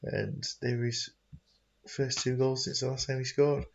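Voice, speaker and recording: A man's voice: mid-range voice, level tone, normal speed, creaky, lo-fi sound. A man hosting casual commentary on a football game stream, chatty and chuckling, sometimes stumbling over his words. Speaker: host and commentator.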